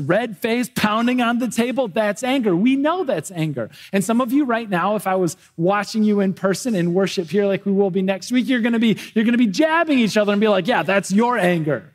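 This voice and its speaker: A man's voice: sits high, fairly quick, hardly any pauses. A man preaching a sermon to his church in a conversational way, often restarting and repeating words as he goes. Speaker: pastor. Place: church, livestreamed worship.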